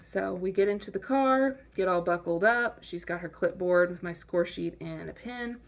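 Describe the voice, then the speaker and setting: A woman casually telling a personal anecdote in a lively, wry way, acting out the lines of the people in it. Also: fairly low pitch, normal speed. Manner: lively, wry, acts out quotes. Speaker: storyteller.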